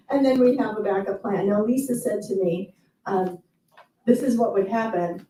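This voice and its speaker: A woman's voice: mid-range voice, slow, pauses often, dark tone. A woman leading a group workshop debrief, upbeat and encouraging, laughing often with the participants. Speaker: workshop leader. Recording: echoey room from far off.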